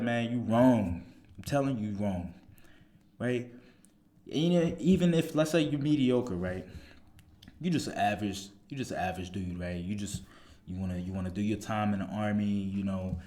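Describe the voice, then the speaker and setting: A man's voice: lowish voice, mellow. A man, a soldier giving blunt, profane motivational advice in a casual monologue, full of rhetorical questions.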